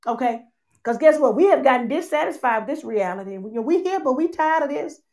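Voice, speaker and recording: A woman preaching a sermon, calling out to her church and swinging between loud and soft. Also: high voice, lively intonation, fast talker. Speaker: church speaker.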